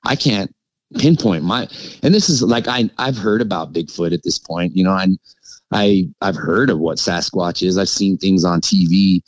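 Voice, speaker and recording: Low-pitched and recorded without any room sound, the man's audio is low quality. He's a guest on a podcast casually describing an encounter, wandering through it with restarts and plenty of "like" and "you know."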